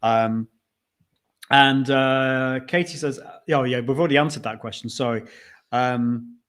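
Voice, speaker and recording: A man's voice: medium pitch, steady tone, a little slow, fairly bright tone, clear, resonant tone. A man hosting a live stream, chatting casually with a guest and reading out viewer comments. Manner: chatty, restarts, reads out comments. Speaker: host.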